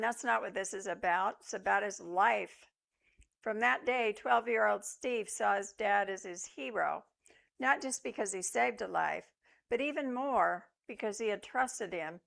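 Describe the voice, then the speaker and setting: An older woman minister giving a sermon, telling personal stories with reflection and gentle humor. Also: mid-range voice, gravelly.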